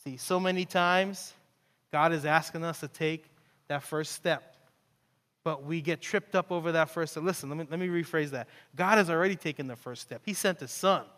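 A man preaching a sermon, retelling the story in an animated, conversational way with playful asides. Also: a little high, normal speed. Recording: long hall reverb.

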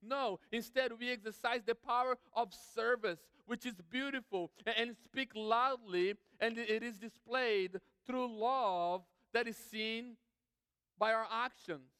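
A high, smooth-voiced man delivers an emphatic sermon, stacking lists and repeating key phrases. His voice rings with the long reverb of a large church hall. He speaks as the pastor to his congregation. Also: unhurried, bright, forceful tone.

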